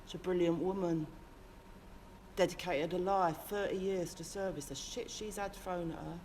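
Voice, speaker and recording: A woman's voice: on the low side, fairly even intonation, moderate pace, a little mellow, a little hiss or hum, close to an everyday voice. A woman playing a brash, sweary working-class London man in a comic monologue, rambling and impassioned, with a London accent. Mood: impassioned rant. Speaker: character monologist. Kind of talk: comic character monologue to camera.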